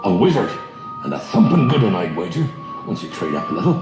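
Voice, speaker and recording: Hagrid, a booming half-giant. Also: male voice, big pitch swings, fast, music in the background. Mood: hearty. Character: big gentle male half-giant groundskeeper. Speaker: film character. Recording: film clip played in an echoey room, score behind.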